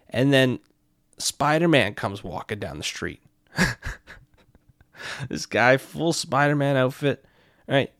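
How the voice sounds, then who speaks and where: A young man telling a night-out story in a profane, excitable way, constantly checking in with his listener. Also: medium pitch, a little slow, long pauses, dry recording, studio quality. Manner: profane, excitable, keeps asking "right?". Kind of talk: casual anecdote.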